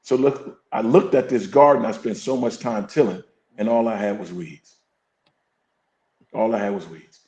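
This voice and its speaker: A man's voice: lowish voice, moderate pace, a little mellow. Earnest man in a roomy studio. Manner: earnest, reflective, preacher-like emphasis. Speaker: podcast guest, fire captain and coach. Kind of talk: candid interview talk. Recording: roomy echo.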